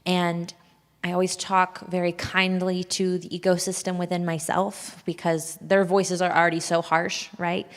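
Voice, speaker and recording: A woman's voice: fairly low pitch, level tone, normal speed. Candid woman speaking in a reverberant hall. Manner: open, confessional, breaks into nervous laughs. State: shaky and nervous. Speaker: speaker sharing a personal testimony. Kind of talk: candid personal talk to an audience. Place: large hall at a church event.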